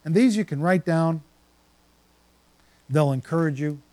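A man's voice: on the high side, measured pace, darkish tone, no room sound. A man preaching a sermon, reading scripture passages aloud and then stopping to reflect on them.

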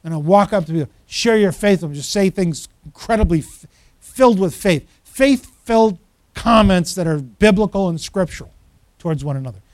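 A man preaching a sermon as pastor, animated and storytelling, acting out the voices of the people he quotes. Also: high voice, normal speed, no echo.

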